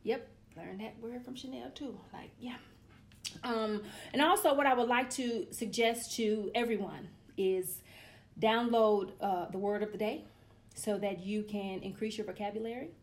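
A woman in her forties talks to her viewers in a loose, profane vlog monologue. Her voice sits a little high, and she rants with blunt, comic exasperation. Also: normal speed. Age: 40s. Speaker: vlogger.

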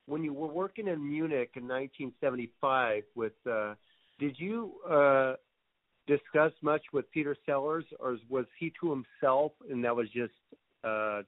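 A man interviewing a guest, asking long, halting questions that he works out with fillers as he goes. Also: medium pitch, dry recording. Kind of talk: casual interview. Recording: dry tinny phone-like line.

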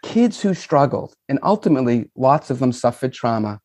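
A man's voice: mid-range voice, moderate pace, dry recording, studio quality. A middle-aged man from Boston with a Boston accent, a former principal telling folksy stories as a podcast guest. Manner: animated, folksy storyteller. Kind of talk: podcast interview storytelling.

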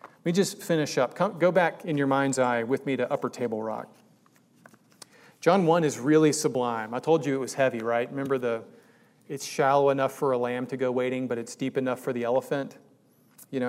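A man's voice: medium pitch, a little mellow. A man preaching a sermon in a conversational way that rises to emphatic peaks. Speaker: pastor.

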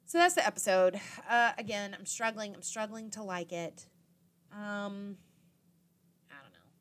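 Speaking a little slowly in a mid-range, slightly bright voice, a young woman goes over a podcast episode she hosts. The recap is chatty and casual, stuffed with "like" and reactions she acts out in quotes.

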